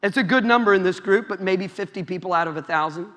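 Young man, youth sermon, high voice, bright tone, storytelling to the crowd, large church hall. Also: fast. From Iowa, USA. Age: young adult. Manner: storytelling, addresses the crowd directly. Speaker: youth preacher. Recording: long hall reverb.

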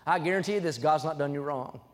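A young man preaching a sermon in a church, emphatic and rising to loud, fervent peaks, reading scripture aloud between his points. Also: a little high, quick pace, in a large hall. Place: church sanctuary.

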